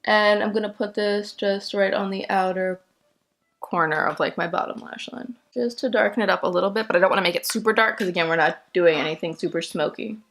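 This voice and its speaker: Young female vlogger, casual step-by-step makeup talk, mid pitch, easy laughs. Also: steady tone, brisk, a bit bright. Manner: chatty, step-by-step, laughs easily.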